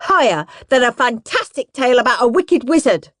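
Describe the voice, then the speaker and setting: A woman's voice: on the high side, sing-song, normal speed, fairly bright tone, a little hiss or hum. A woman voicing a mischievous young boy who is cheeky and defiant.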